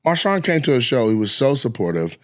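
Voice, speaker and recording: A man's voice: medium pitch, sing-song, fairly quick. Regular-sounding guy cussing and laughing thru a story on a podcast. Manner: loose, profane banter with laughter. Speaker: co-host, comedian. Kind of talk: casual podcast chat.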